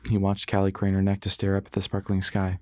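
Male audiobook narrator, low register, measured delivery, dry close mic. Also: no echo. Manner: steady, measured storytelling.

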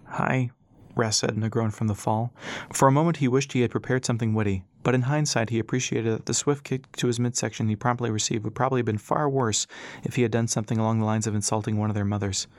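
A man reading an adventure novel aloud as narrator in a steady storytelling manner. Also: medium pitch, fast talker, dry recording. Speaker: audiobook narrator. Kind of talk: scripted narration.

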